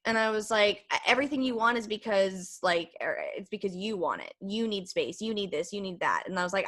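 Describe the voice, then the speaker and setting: A woman's voice: mid-range voice, moderate pace, a bit bright. A young woman hosting a podcast, telling a candid, rambling story in casual chat with lots of fillers. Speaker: podcast host.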